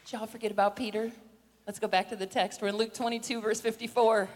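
Older woman preacher, high voice, animated sermon, long hall reverb. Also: fast talker, some chatter behind. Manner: animated storytelling, acts out voices, builds to shouted declarations.

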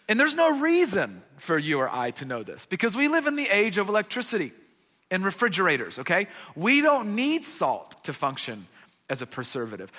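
Preaching as a pastor, a man speaks in a high, pushed, bright voice with a long reverb tail behind it. His sermon is earnest and conversational, peppered with "okay?" as he checks in with listeners.

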